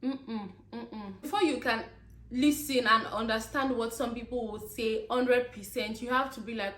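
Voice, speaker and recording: A woman's voice: fairly high pitch, fairly even intonation, measured pace, fairly bright tone, roomy sound. A young woman from Nigeria, ranting casually to her viewers and laughing between points. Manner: chatty, laughing asides, addresses viewers as guys. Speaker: vlogger. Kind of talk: casual rant to camera.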